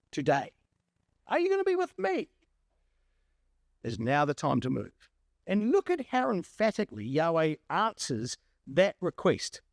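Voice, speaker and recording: A man preaching a sermon to a congregation, emphatic and animated, acting out the lines he quotes. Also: sits high, no echo, studio quality.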